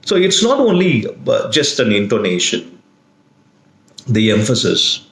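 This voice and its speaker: A man teaching a video lesson in a slow, deliberate way, leaning hard on single words. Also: on the low side, huge pitch swings, creaky, a bit bright. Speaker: lecturer. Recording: echoey room.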